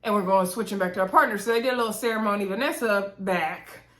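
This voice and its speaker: A woman chatting casually to her viewers as she recaps a reality show, talking straight at them in a lively, animated way. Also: medium pitch, fast. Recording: roomy echo.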